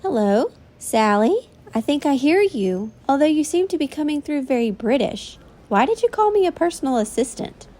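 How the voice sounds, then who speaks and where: A woman voicing a courteous AI helper with a slightly high voice. She reports in an earnest, informative way. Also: very animated, normal speed, few pauses, a little mellow. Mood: polite. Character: polite AI assistant reporter, female.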